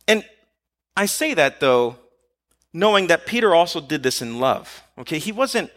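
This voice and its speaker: Lively high-voiced male preacher. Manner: animated, acts out quotes, rhetorical questions. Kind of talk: conversational sermon.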